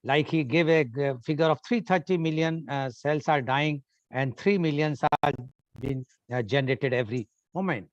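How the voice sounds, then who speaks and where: Man, Indian English accent, moderator, fairly high voice, hesitant, dull muffled audio. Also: moderate pace, no room sound. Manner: hesitant, many "uh" fillers. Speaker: conference moderator. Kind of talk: summarizing at a media conference.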